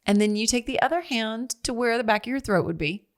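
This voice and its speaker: A middle-aged woman hosting her own podcast, talking in a chatty, expressive way and laughing at herself as she goes. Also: on the high side, a little fast. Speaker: podcast host. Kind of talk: casual solo monologue. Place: seated at home recording.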